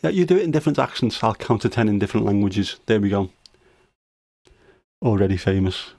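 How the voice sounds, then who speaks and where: A middle-aged man hosts a relaxed livestream from home, cracking dad jokes and ribbing his kid. His voice sits low and sounds close and dry, with no room echo. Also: fairly quick, creaky. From United Kingdom. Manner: teasing, jokey dad humor. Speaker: livestream host. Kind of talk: casual livestream chat.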